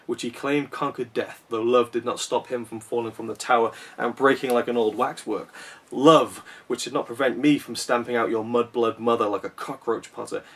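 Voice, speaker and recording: A man reading a novel aloud, voicing a cold, contemptuous dark wizard who jeers at his enemy. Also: medium pitch, vocal fry, breathy edge, far from the mic. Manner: jeering, contemptuous. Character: cold sneering dark wizard, adult male.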